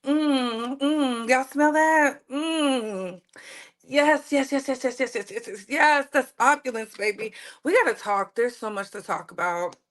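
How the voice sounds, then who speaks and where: A woman's voice: sits high, unhurried, a bit bright. A woman hosting a casual live stream, chatting playfully with viewers and repeating her phrases. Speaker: livestream host.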